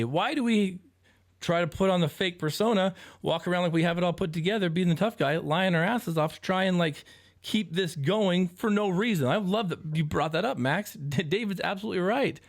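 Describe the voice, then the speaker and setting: High, gravelly man asking probing questions. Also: brisk. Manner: probing, questioning, swears casually. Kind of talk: casual podcast chat.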